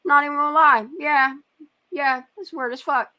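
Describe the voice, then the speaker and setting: A woman hosts a casual reaction chat with a bright, crisp voice. She is blunt and sarcastic, swears freely and laughs easily. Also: high voice, fairly even intonation, moderate pace, dull audio. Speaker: commentary channel host.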